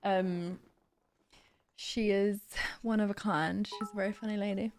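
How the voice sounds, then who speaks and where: A woman's voice: mid-range voice, steady tone, unhurried, darkish tone, soft background music. A young woman streamer in casual live-stream chat, laughing often and reading out chat messages.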